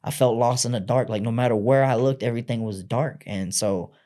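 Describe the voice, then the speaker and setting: A man with a medium-pitched, mellow voice speaks fairly quickly as a guest on a podcast. He tells his own story candidly in blunt, profane everyday speech, acting out quoted voices.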